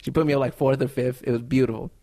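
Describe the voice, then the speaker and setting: Comedian man as interview guest, animated storyteller, mid pitch. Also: racing, creaky. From United States. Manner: animated anecdotes with laughs.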